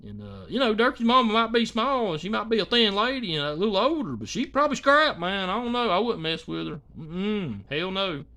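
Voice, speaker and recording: A man's voice: sits high, big pitch swings, brisk, few pauses, pushed and bright. A man rambling in casual reaction commentary, swearing and full of fillers.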